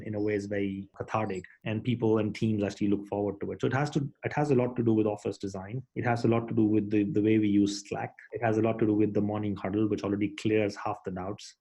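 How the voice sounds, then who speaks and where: Fast-talking man, co-founder guest. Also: lowish voice, warm tone, low-quality recording. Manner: quick, repeats words when restarting, explanatory. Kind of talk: interview conversation.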